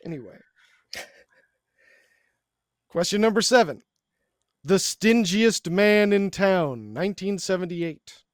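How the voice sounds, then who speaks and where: A man co-hosting a podcast, running a trivia quiz and reading the options out slowly. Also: high-pitched, lively intonation, no room sound, studio quality. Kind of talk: casual podcast chat.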